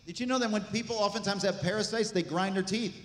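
A man preaching a sermon as pastor, animated, with asides and jokes to the congregation. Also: high voice, fast talker. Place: church sanctuary. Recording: echoey church hall.

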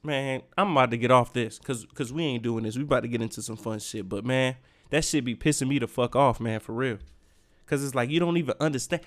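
A man's voice: medium pitch, a little fast. A young man hosting a podcast, ranting in a heated, profane, emphatic way. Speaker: podcast host. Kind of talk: solo rant.

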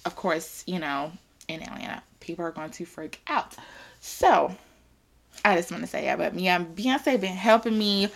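A woman hosting her own podcast in a casual chat, animated and chatty, swearing freely. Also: on the low side, normal speed, gravelly. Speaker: podcast host.

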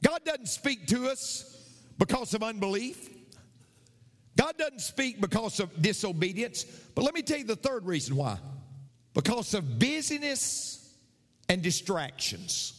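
A man's voice: high-pitched, a bit bright, big-room sound. A male pastor preaching a sermon, repeating his points with emphasis.

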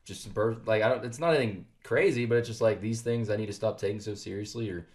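Low-voiced young man, earnest and reflective. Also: fast, a little mellow. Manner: earnest, reflective, laughs easily. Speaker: podcast co-host. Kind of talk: casual chat.

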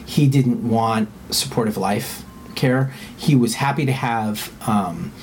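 A man's voice: medium pitch, slow pace, a little hiss or hum. Candid middle-aged man telling a story. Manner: frank, swears freely, lively when quoting others. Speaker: guest telling a personal story.

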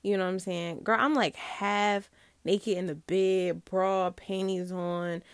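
Animated young woman telling a story. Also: mid-range voice, slow, clean tone, dry recording. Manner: animated, laughs often, acts out quotes. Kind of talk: casual storytelling to viewers.

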